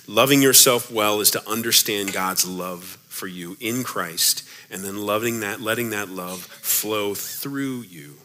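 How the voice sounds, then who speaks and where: A man's voice: on the low side, measured pace, few pauses. A man preaching a sermon as pastor, earnest and repeating rhetorical questions to his church. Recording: loud music underneath.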